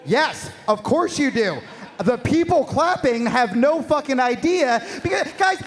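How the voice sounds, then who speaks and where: A man performing a stand-up comedy set on stage, with profane, shouting rants and rapid asides. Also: very high voice, animated, slight background noise. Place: live venue on stage.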